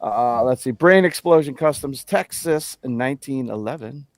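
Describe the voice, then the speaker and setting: A man's voice: medium pitch, animated, moderate pace, dry recording, clean studio sound. A man co-hosting a live show, chatting casually and reading out viewer names with laughs. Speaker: co-host of a livestream show.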